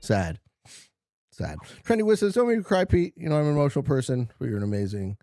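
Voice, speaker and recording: A man streaming a strategy board game, chatting casually with viewers and swinging from low murmurs to loud shouts. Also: very animated, fast, soft background music. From Canada.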